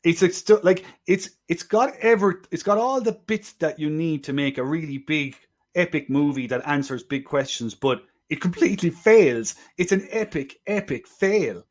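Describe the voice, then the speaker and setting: A man co-hosting a film podcast, talking casually with lots of restarts and wry asides. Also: fairly high pitch. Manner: halting, many restarts, wry. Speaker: podcast co-host.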